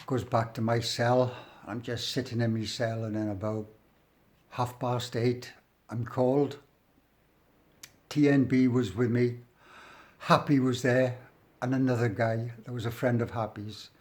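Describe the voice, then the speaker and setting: A man's voice: mid-range voice, fairly even intonation, measured pace, pauses often, darkish tone. A middle-aged man with an English accent telling a story about his own past, in a rambling, blunt, sweary way that slips into the present tense. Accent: English, working-class. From England. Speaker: storyteller recounting his prison life. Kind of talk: casual spoken storytelling.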